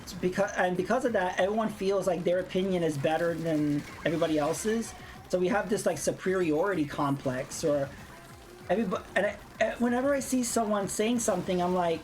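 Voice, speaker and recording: A woman's voice: fairly low pitch, fast talker, a little mellow. A woman streamer ranting bluntly in casual chat while playing a game, swearing freely. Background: faint game music.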